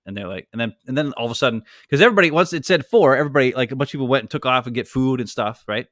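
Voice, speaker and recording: A man in his forties, a podcast co-host telling a story in a casual, rambling, animated way. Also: mid-range voice, racing, dry recording, clean studio sound. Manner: rambling, animated, heavy use of "like".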